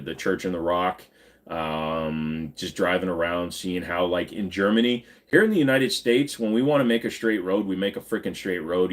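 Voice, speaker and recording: Relaxed male streamer, rambling chat with viewers, casual swearing. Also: low voice. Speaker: livestream host.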